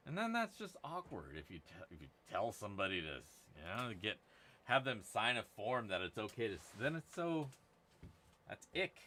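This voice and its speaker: A man's voice: on the low side, sing-song, normal speed, sharp tone, slight background noise. A man hosting a gold prospecting giveaway stream, chatting casually with crude, rambling jokes. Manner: crude, rambling, jokey banter. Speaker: channel host running a giveaway. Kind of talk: casual livestream chat.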